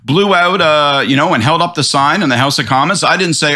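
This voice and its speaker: A middle-aged man, a political commentator on a podcast panel, in an animated, profane rant. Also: a little high, fast talker, hardly any pauses. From Canada.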